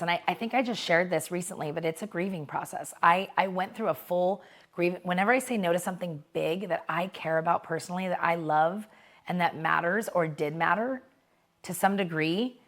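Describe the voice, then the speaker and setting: A woman hosting a podcast, talking candidly in a casual motivational monologue, checking in with "right?" and swearing now and then. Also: lowish voice. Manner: candid, conversational, mild swearing, frequent "right?" check-ins. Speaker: podcast host.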